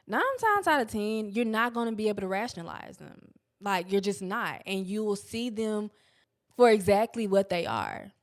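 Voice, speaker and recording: A young woman hosting a podcast, talking candidly about self-help in a casual, blunt way, swearing freely and stretching words for emphasis. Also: medium pitch. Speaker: podcast host.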